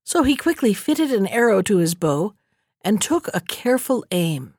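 A woman narrating a fairy tale audiobook in a steady, measured storytelling manner. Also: mid-range voice, no room sound, studio quality.

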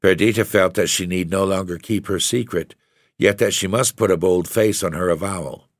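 A man narrating a gothic story with a measured, deliberate reading. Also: sits low, no room sound, clean studio sound. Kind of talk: scripted narration of a gothic tale.

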